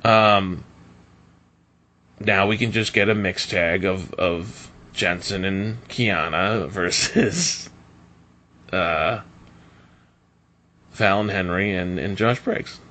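A man co-hosting a podcast in casual chat, animated and laughing often. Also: deep voice, extremely slow, pauses often. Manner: animated, laughs often, quotes others in mock voices. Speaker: podcast co-host.

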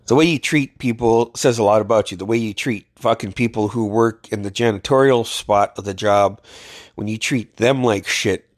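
A man's voice: on the low side, moderate pace, dry recording, studio quality. A man telling stories in a blunt, profane, ranting way, venting in a casual video diary while sick with covid. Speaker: vlogger.

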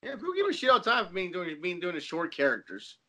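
A man's voice: high voice, wildly swooping pitch, fast talker, a crowd in the background. A man in casual chat, laid-back and swearing often, talking about cosplay.

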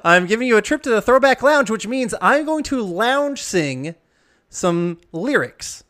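Quiz host, playful, jokey, animated pitch, mid voice. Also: a little slow. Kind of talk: upbeat quiz hosting.

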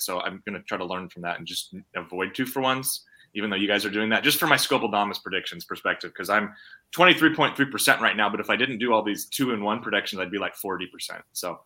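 A man in a casual sports chat, talking fast and rambling with self-deprecating asides. His voice is sharp and very bright. It sits somewhat low in pitch. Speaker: sports podcast co-host.

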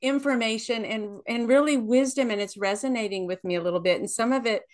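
A woman host in a relaxed conversation, reflecting on her habits and asking thoughtful follow-up questions. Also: on the high side, fairly quick. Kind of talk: conversational interview.

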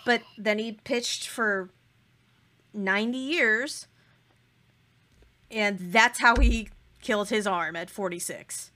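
A woman's voice: medium pitch, slow, long pauses, bright, forceful tone. A woman co-hosting a podcast in casual chat. She gushes with emphatic, playful exaggeration. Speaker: podcast co-host.

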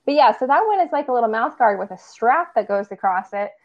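A woman's voice: fairly high pitch, expressive, fast. Chatty woman therapist on a podcast, laughs a lot, says um and like, kinda dull lo-fi audio. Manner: chatty, laughs often, lots of fillers. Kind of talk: casual podcast chat.

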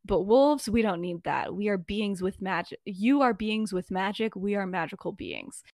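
A woman voicing a menacing male werewolf leader in a fan-made story podcast, speaking in a low, soft, taunting way. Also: expressive, normal speed, no room sound, studio quality, close to an everyday voice.

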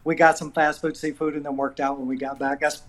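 A man's voice: on the high side, flat delivery, a little fast. A man with a Southern accent, a wrestling coach chatting casually on a podcast and telling laid-back stories. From Southern US, Georgia.

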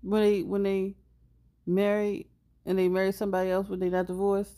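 A woman co-hosting a casual podcast in a mid-pitched voice. Her talk is lively and slangy, and she jumps in with quick reactions. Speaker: podcast co-host. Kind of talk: casual chat.

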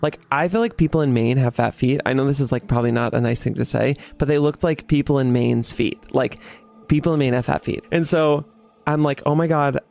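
Young guy dishing a story, super animated, bit of music behind. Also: medium pitch, a little fast, vocal fry. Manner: animated, dramatic, swearing, laughing as he tells it. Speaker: podcast host. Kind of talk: casual storytelling.

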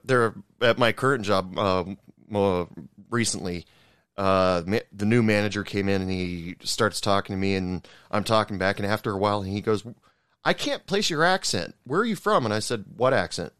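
A man from Oregon hosting a casual podcast conversation, talking haltingly with many fillers and restarts. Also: fairly low pitch, fairly even intonation, fairly bright tone, clean tone, no echo, studio quality. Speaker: podcast host.

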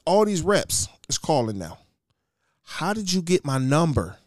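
A man's voice: a little high, sing-song, measured pace, dry recording, clean studio sound. A man co-hosting a casual comedy podcast, ranting and mocking the people he quotes. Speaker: podcast co-host.

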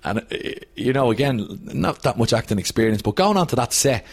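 Guy chatting, husky voice, lively storyteller, stumbles and restarts. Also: mid-range voice, fairly quick. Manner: animated storyteller, restarts a lot. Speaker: guest, comedian and actor. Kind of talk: casual chat.

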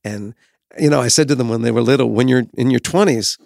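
A man's voice: medium pitch, fast, gravelly, darkish tone, dry recording, studio quality. A man in his fifties talking as a guest, telling candid stories in a reflective, frank way and swearing now and then. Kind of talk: candid conversational storytelling.

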